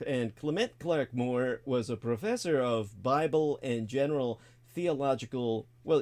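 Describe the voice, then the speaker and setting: A man in the middle of his pitch range hosts a loose, rambling livestream talk. He drifts from point to point with plenty of fillers, throwing in irreverent, crude jokes along the way. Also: darkish tone. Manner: irreverent, jokey, crude asides; loose and digressive, many fillers. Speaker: livestream host. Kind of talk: casual rambling monologue.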